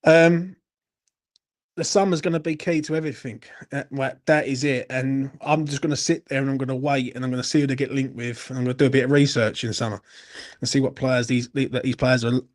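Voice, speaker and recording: A man's voice: medium pitch, fairly even intonation, fairly quick. A young man hosting a late-night football Q&A, blunt and sweary, a little tipsy as he answers chat comments. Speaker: football channel host.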